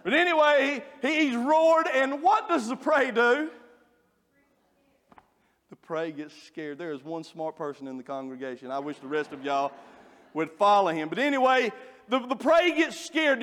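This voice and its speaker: A man preaching a sermon, folksy and joking as he tells animated stories. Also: very high-pitched, unhurried. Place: church. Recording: long reverb of a church hall.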